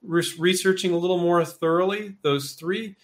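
A man's voice: high voice, normal speed. Chatty man hosting a live Q&A. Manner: loose and chatty, acts out quotes, many fillers. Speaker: host answering viewer questions. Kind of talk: casual live Q&A.

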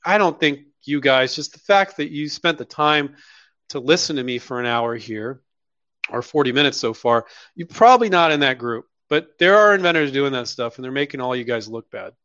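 A man's voice: medium pitch, expressive, normal speed, bright, forceful tone, no room sound, dull audio. A man hosting a live question-and-answer session, talking bluntly and casually. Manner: blunt, mock-quoting others in put-on voices. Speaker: host answering viewer questions.

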